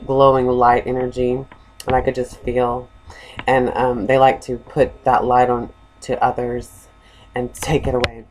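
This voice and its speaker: A man, a self-styled psychic vlogger, telling a personal story in a meandering, animated way, swinging between louder and softer passages. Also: mid-range voice, poor audio.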